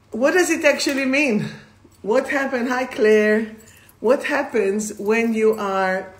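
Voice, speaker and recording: Chatty woman live-streaming in an echoey room. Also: medium pitch. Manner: rambling, greets viewers by name mid-sentence. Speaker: spiritual coach hosting a live stream. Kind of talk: casual live-stream talk. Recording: roomy echo.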